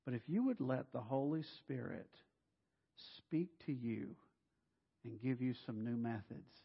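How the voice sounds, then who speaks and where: A middle-aged male pastor delivers an animated, humorous sermon and acts out voices. His voice sits at a medium pitch and carries through a hall with long reverb. The recording is muffled and lo-fi. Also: gravelly, husky. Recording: dull sound in a reverberant hall.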